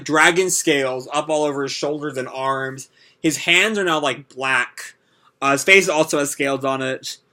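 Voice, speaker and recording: A man's voice: on the high side, pushed and bright. A man hosting a manga reaction video, reading the chapter aloud and commenting in a rambling way, full of fillers.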